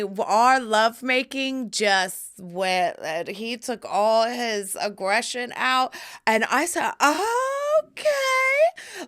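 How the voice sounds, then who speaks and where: Woman in her thirties, solo podcast host; bright tone, lively, giggly, plays the voices in her stories. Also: fairly high pitch. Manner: animated, giggly storyteller acting out quotes. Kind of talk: candid solo podcast chat.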